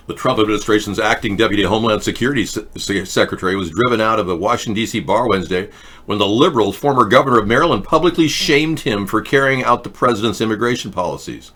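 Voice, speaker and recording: A man's voice: fairly low pitch, fast, fairly bright tone. A man hosting a political talk show, reading news headlines aloud and mocking them with sarcastic asides. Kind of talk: casual political commentary.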